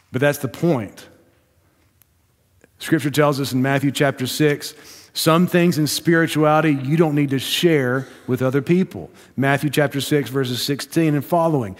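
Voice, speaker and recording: A male Baptist pastor preaching a sermon in a measured storytelling way, slowing down for emphasis. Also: a little high. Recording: long hall reverb.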